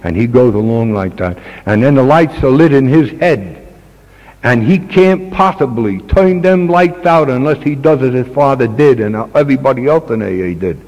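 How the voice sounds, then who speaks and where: A man's voice: medium pitch, a little mellow. An older man, a grandfather, giving a plain-spoken, earnest talk to a recovery meeting. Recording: dull old tape with long reverb.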